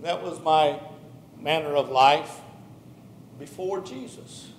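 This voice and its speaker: A man preacher from Texas delivers a sermon, his voice high for a man and earnest as he tells his story with building emphasis. The sound rings with the long reverb of a church hall. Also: takes it slowly, long pauses. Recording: echoey church hall recording.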